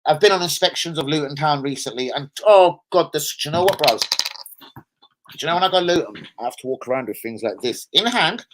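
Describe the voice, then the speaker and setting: A man's voice: a little high, animated, a little fast, a bit bright. A man hosting a football live stream, rambling casually, swearing and bantering with his viewers.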